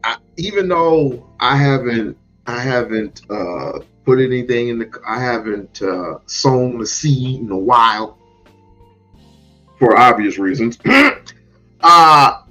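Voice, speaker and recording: A man hosting a talk show with a halting, slow delivery and many restarts. His pitch swings widely. The sound is a little dull, with faint music behind him. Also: lively intonation, bright, forceful tone. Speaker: host. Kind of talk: casual chat.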